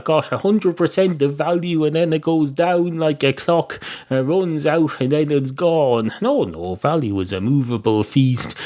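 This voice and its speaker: An Irish man hosting a podcast, with a digressive, deadpan comic monologue full of hesitant fillers. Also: mid-range voice. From Ireland. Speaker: podcast host.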